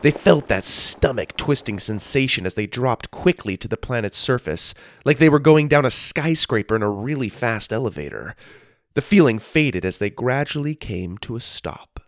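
A man reading a children's story aloud as narrator, in an expressive storytelling manner. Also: medium pitch, moderate pace.

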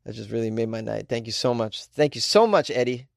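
A man's voice: mid-range voice, fairly quick, vocal fry, no echo, studio quality. A man hosting a comedy podcast in a casual, jokey monologue, a bit tipsy, reading listener mail aloud.

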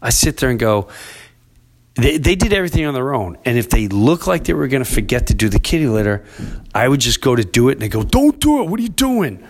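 A man's voice: medium pitch, quick pace. A middle-aged man hosting a podcast, telling a rambling family story in casual chat and acting out what his family members said. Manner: rambling, animated storyteller who acts out quoted family members. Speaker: podcast host.

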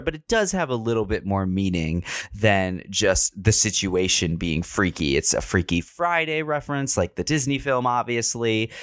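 Low-voiced campy man recapping a movie. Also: fairly bright tone, no echo, clean studio sound. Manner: campy, slangy, swearing. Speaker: podcast host.

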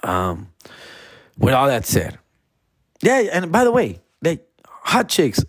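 A man telling comic stories in a loose, profane, slang-filled way, slipping into animated voices. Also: mid-range voice, takes it slowly, husky, no room sound, clean studio sound. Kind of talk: casual comedic storytelling.

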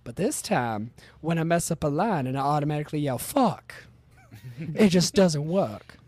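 A man on a podcast chatting quickly and jokingly about practicing his lines. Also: a little high, lively intonation, darkish tone, dry recording. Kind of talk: casual chat.

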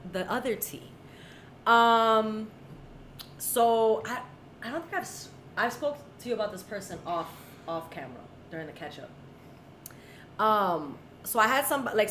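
A woman's voice: a little high, measured pace. A young woman co-hosting a podcast, telling a story in casual chat and acting out the voices of the people in it. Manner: animated, acts out voices in her stories. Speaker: podcast co-host. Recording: echoey room with faint noise.

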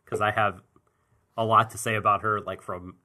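A man's voice: fairly low pitch, little pitch movement, normal speed, pushed and bright. A man hosting a casual podcast, steering the recap of an anime episode and slipping in jokes.

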